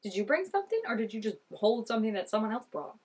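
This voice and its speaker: A woman's voice: a little high, sing-song, fast, breathy edge. Gushing young woman reacting to a show. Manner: gushing, chatty, laughs often, many "like" fillers. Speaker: TV reaction vlogger. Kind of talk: casual reaction commentary.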